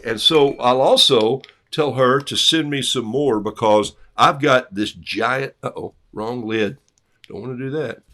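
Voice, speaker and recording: A man's voice: mid-range voice, sharp tone, a little hiss or hum. A middle-aged man painting live for viewers, talking casually through each stroke, amused by his own jokes, with a cough today. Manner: chatty, self-amused, talks through each brushstroke. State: has a cough. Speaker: artist painting on a livestream.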